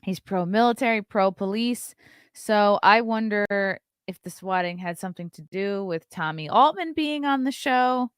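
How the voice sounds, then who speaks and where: A woman's voice: mid-range voice, moderate pace, clean tone, dry recording, studio quality. A woman hosting a casual commentary show, chatting loosely and swearing now and then while playing clips.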